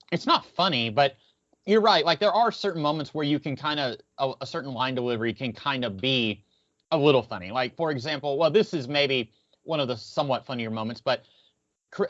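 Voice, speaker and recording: Podcast co-host, male, slightly high voice, loose rambling delivery, dry muffled recording. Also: a bit bright, dry recording. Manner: rambling, many restarts, playing it by ear. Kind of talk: casual film discussion. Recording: dull lo-fi dry sound.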